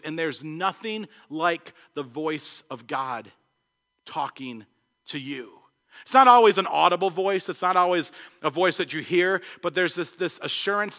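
A male pastor preaching an earnest sermon, swinging between emphatic points and hushed asides. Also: a little high, in a large hall. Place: church.

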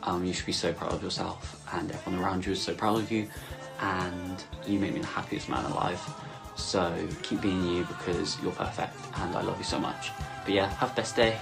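A man's voice: low-pitched, fairly even intonation, brisk, vocal fry, few pauses, over music. A man recording a fond, lightly joking birthday video message for his partner on a phone.

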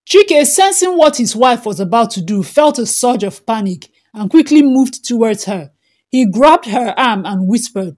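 A woman narrating a folktale in an expressive, dramatic storytelling style. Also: fairly high pitch, normal speed.

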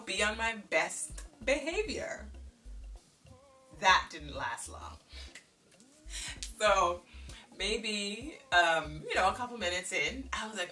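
A woman from Jamaica telling a childhood story in a casual vlog, acting out the dialogue and laughing as she goes. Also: medium pitch. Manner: animated, laughing, acts out dialogue. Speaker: vlogger. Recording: distant mic with faint music behind.

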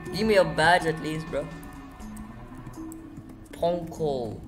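Excitable young-sounding male gamer over game music. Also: slow. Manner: excitable, jumps into high yelps and repeats himself. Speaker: gaming channel host. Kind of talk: casual gameplay commentary. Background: game music playing under the voice.

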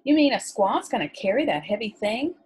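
An eager teenage frontier boy, read aloud by a woman, with his lines raised a little higher than the narration. The reading is storybook style with a husky tone. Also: big pitch swings, brisk, a little mellow, full character voice.

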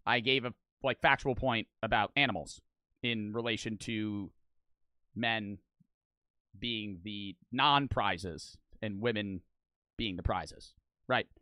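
A man's voice: fairly low pitch, slow, pushed and bright, no room sound, studio quality. A young man giving rambling, argumentative reaction commentary, swearing often and restarting his sentences. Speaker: online reaction streamer.

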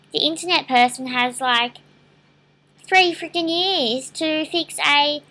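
A woman's voice: sits high, sharp tone. A young Australian woman vlogging a casual rant to camera, exasperated and swearing as she talks.

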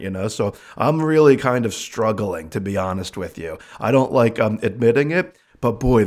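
A man hosting a podcast, chatting casually and candidly about his work as a medium. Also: mid-range voice. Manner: candid, animated, acts out quoted voices. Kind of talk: casual storytelling chat.

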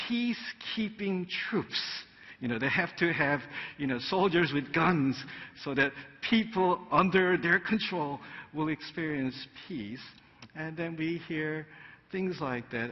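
A male pastor preaching a sermon in a conversational way, full of fillers like "you know," and he often acts out quoted voices. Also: on the high side. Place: church sanctuary. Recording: dull sound in a large reverberant church hall.

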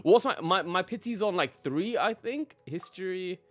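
A man's voice: high voice, expressive, moderate pace. A young man live-streaming a game, casually greeting his chat by name and laughing often.

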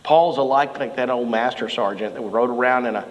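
A middle-aged man preaching a sermon as pastor, telling animated stories and shouting out the lines he quotes. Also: medium pitch, a little fast, long reverb tail, rough recording. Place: church sanctuary.

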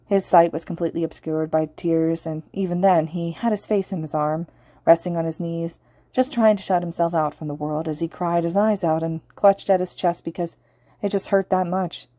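A woman reading fan fiction aloud as an audiobook narrator, in an earnest, steady way. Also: on the low side, moderate pace, no room sound. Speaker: podfic reader.

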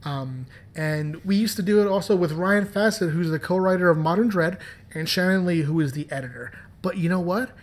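A man's voice: sits high, brisk. A man hosting a podcast and talking about his comics in a playful, joking, chatty way. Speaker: podcast host and comics writer. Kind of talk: casual podcast commentary.

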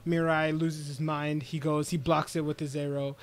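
A man with a slightly high voice talks through an anime episode for his podcast co-hosts. He tells it like a story and throws himself into the characters' lines, keeping it loose and conversational. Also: flat delivery, normal speed. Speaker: podcast co-host. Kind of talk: casual chat, recapping an anime episode.

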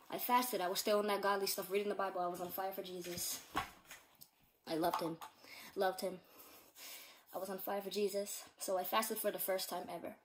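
A woman's voice: mid-range voice, very noisy. A teenage girl at home giving a casual personal testimony, earnest and rambling, with many fillers and repeats. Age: teens. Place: at home in a bedroom.

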